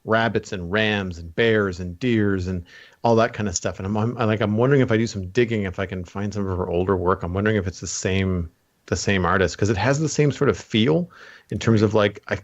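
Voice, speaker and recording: A man's voice: on the low side, fairly quick, muffled recording. A man hosting a podcast, rambling and thinking aloud with a lot of filler words. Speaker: podcast host. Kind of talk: casual podcast chat.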